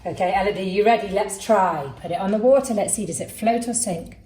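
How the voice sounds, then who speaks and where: A woman teaching a lively class for young children, in a sing-song, encouraging way, calling out actions for them to copy. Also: mid-range voice, fairly quick, a little hiss or hum. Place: home room with a child helper. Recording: echoey room, mic at a distance.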